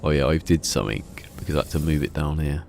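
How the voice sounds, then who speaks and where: A man's voice: very deep voice, fast, creaky, a little mellow, a little hiss or hum. An English man streaming a game live, chatting casually in a rambling way, often restarting his sentences. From England.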